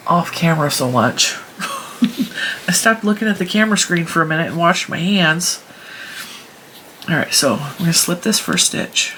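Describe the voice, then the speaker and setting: A woman's voice: fairly low pitch, a bit bright, slight background noise. Chatty woman demonstrating knitting. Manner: chatty and emphatic, talks through her hands' work. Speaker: knitting channel host.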